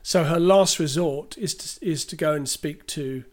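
A man's voice: a little high, measured pace. A man co-hosting a podcast, recapping a film in a rambling, hesitant way full of fillers and restarts. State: clearing his throat. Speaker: podcast co-host. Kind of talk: casual film discussion.

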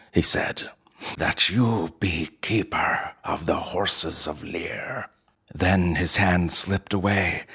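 A male storyteller reading in a steady, measured way. His voice is very deep and noticeably husky. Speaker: narrator. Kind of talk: audiobook story narration.

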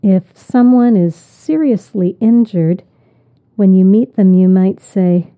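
A woman's voice: medium pitch, slow. A woman teaching English vocabulary, repeating each word and explaining it patiently. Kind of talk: slow, deliberate vocabulary lesson. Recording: tinny phone-like audio.

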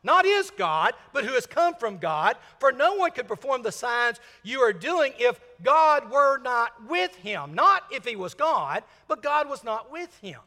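An older man from Mississippi, preaching a sermon and swinging from loud emphasis to hushed, whispered lines. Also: extremely high pitch, sing-song, unhurried, hardly any pauses, in a large hall. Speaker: senior minister.

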